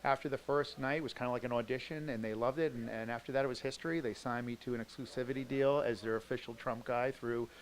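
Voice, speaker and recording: A male comedian answering interview questions backstage at a theater in a relaxed, conversational way. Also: medium pitch, quick pace, hardly any pauses, low-quality recording. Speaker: comedian guest.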